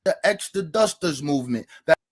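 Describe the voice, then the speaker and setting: A man with a somewhat high voice argues his case in a debate. He reads quotations from books in a steady, argumentative way to support his points. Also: moderate pace.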